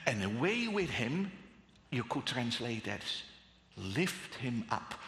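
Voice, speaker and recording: A man preaching a sermon, dramatic and emphatic, swinging between loud and hushed delivery. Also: a little high, big pitch swings. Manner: slow and emphatic, with long pauses. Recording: echoey hall.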